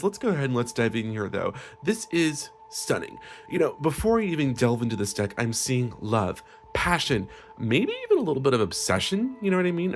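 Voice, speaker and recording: A man hosting a comedic parody tarot reading, sugary and melodramatic with frequent swearing. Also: mid-range voice. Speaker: tarot reader host.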